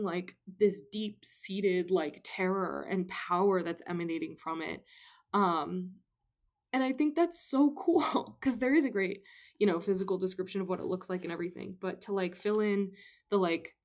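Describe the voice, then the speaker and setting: Breathless, gushing young woman. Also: mid-range voice. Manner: gushing, breathless, many fillers, rambling enthusiasm. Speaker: book vlogger. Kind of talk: excited casual book chat.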